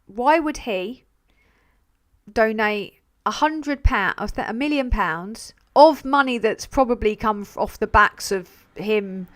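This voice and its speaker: A woman's voice: a little high, slow, fairly bright tone. Blunt, sweary woman streaming. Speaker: livestream host. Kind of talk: live-stream commentary and reading out viewer messages.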